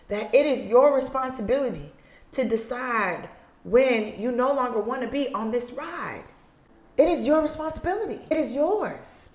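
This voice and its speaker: A woman's voice: a little high, reverberant. A woman hosting a podcast from the couch in her living room, giving an earnest motivational talk on a mic and acting out little scenes as she goes. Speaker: podcast host. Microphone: studio mic.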